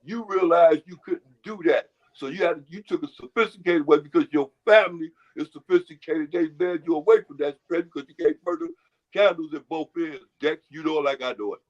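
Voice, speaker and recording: A man's voice: on the high side, a little fast. A man in casual chat who rambles, repeats himself and hands out folksy advice. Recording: lo-fi muffled audio.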